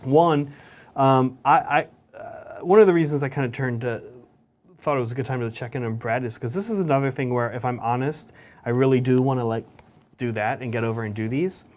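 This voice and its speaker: A man with a mid-range, slightly mellow voice talks fairly quickly as he co-hosts a hobby show. He chats casually while painting miniatures, explaining each step as he works.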